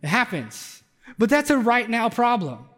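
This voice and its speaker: A man's voice: very high voice, sing-song, a little slow, a bit bright, long reverb tail. A man preaching a conversational sermon as pastor, building up intensity on his emphatic points. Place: church sanctuary.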